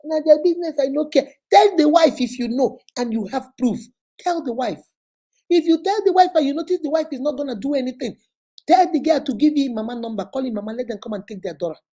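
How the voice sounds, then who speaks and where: Husky-voiced Nigerian woman telling stories. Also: high-pitched, a little fast, low-quality recording. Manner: animated storytelling, acts out quoted voices. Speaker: vlog host. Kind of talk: casual advocacy talk.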